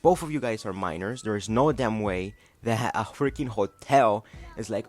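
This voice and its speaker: A man's voice: mid-range voice, normal speed. A man hosting a reaction video, making mocking, exasperated comments in a casual way.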